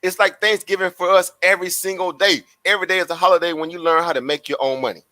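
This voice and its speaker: A man chats to his livestream viewers. His voice is bright and forceful, and he is animated and preachy, repeating his phrases. The sound is dry and close. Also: sits high, quick pace, no room sound. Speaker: livestream host. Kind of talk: casual livestream chat.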